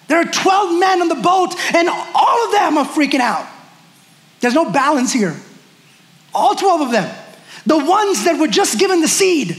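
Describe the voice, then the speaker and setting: A man preaching a sermon as a pastor, in an animated, conversational way, with lots of "like". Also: extremely high pitch. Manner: animated and conversational, heavy use of "like".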